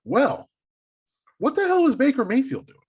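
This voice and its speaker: Husky-voiced man ribbing his co-host. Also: extremely high pitch, moderate pace. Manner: teasing, animated, swears casually. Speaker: podcast co-host. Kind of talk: casual sports chat.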